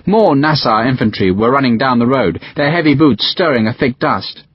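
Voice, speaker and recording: A man reading a historical war novel aloud in scripted narration, with lively, expressive pitch. His voice is husky rather than clean. The recording is dry and a little dull. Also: moderate pace, no echo. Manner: expressive storytelling with varied pitch. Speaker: audiobook narrator.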